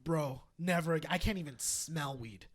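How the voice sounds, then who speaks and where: A man co-hosting a casual podcast, telling stories in a loose, profane way, laughing often and acting out other people's lines. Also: normal speed. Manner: animated, profane, laughs often, acts out quotes in high voices. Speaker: podcast co-host. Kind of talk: casual storytelling chat.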